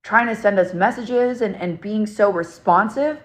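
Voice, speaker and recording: A young woman earnestly telling a personal story to camera in a casual, excitable way, full of fillers. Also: medium pitch, unhurried. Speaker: paranormal storyteller.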